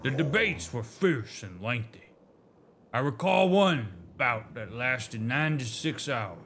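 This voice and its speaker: A man's voice: medium pitch, animated, slow pace, a bit bright, slight background noise. A man voicing a dignified male creature elder with a put-on Southern drawl, speaking in grand, solemn tones. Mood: wistful.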